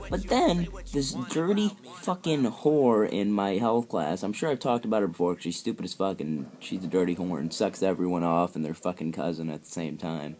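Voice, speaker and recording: Profane ranting teenage guy, low voice. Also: a little mellow. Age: teens. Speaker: gaming commentator. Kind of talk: ranting commentary over gameplay.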